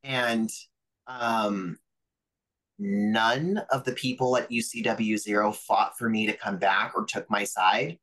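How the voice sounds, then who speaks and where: Bright-voiced man telling wrestling stories. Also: on the low side, steady tone, slow pace, low-quality recording. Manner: chatty, lots of fillers and quoted dialogue. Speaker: professional wrestler guest. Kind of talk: casual storytelling interview.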